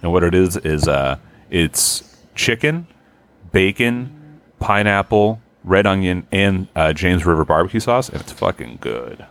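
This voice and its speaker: Low-voiced laid-back guy. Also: animated, a little slow, vocal fry, a bit bright. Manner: laid-back, swears casually. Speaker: podcast co-host. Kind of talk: casual chat.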